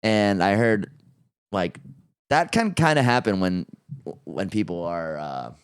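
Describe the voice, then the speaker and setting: Animated low-voiced male podcast host. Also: takes it slowly, clear, resonant tone, no room sound, studio quality. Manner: animated, rambling storyteller who swears freely. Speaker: podcast host and stand-up comic. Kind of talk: casual chat.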